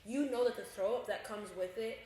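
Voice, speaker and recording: A woman's voice: a little high, fairly quick, warm tone, slight background noise. A young woman co-hosting a podcast, telling a story in casual, profane chat and acting out her own quotes. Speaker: podcast co-host. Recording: very echoey room.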